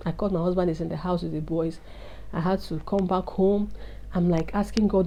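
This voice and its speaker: This vlogger's voice is on the low side and dark, with a flat delivery at a fairly quick pace. She tells an emotional testimony, earnestly confiding in viewers she addresses as "guys."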